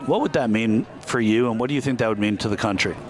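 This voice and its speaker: A man putting brisk, matter-of-fact questions to passers-by in an outdoor street interview. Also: medium pitch, music in the background.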